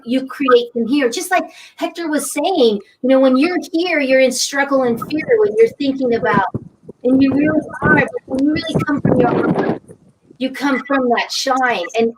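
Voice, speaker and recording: High-voiced woman, energetic spiritual guest. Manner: enthusiastic, spiritual, repeats mantras. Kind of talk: live online talk show chat. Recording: noisy online stream.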